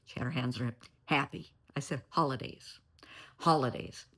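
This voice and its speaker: An older woman, a therapist, talking in a casual vlog from her lakeside home in a blunt, opinionated way, with a gravelly voice. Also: deep voice, a little fast, fairly bright tone. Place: lakeside home, indoors, early morning.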